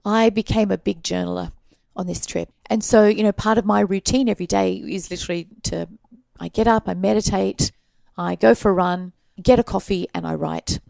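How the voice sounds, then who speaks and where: An Australian woman guest telling her stories in a casual interview, animated and laughing often. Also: medium pitch, moderate pace, vocal fry, no echo. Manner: animated storyteller, laughs often, acts out quoted voices.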